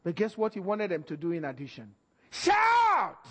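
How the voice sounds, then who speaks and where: A man, a pastor, preaching a sermon with animated storytelling, laughing often and acting out the voices in his stories. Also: a little high, quick pace, in a large hall.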